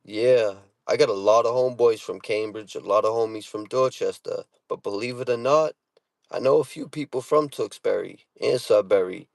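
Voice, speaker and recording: With a gravelly, fairly low voice at normal speed and no echo, a man from the Boston area, Massachusetts, vlogs from inside a parked car. His Boston accent comes with casual, brash profanity, street slang, and a habitual "you know what I'm saying."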